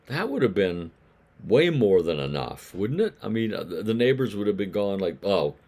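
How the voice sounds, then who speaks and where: A man's voice: lowish voice, very animated, normal speed, dark tone. A man preaching a daily Bible devotional in a conversational way, asking his listeners questions and acting out the voices of grumbling neighbors.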